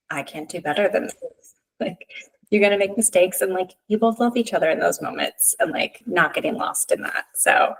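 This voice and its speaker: Brief: woman, therapist guest, low and gravelly, animated storyteller. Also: rough recording. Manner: lively storytelling, acts out quotes. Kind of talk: casual podcast conversation.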